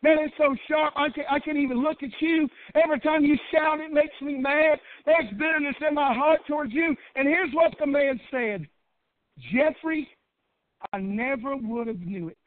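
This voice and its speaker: A middle-aged man preaching a Baptist sermon in a fervent cadence that builds to shouting. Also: very high-pitched, steady tone, moderate pace, hardly any pauses, dry recording. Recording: dry, tinny phone-like church recording.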